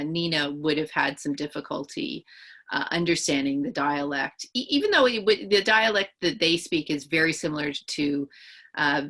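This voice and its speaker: A woman's voice: low voice, vocal fry, a bit bright. A woman author answering interview questions, thinking aloud at length and often restarting her sentences. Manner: thoughtful, explaining at length with many restarts.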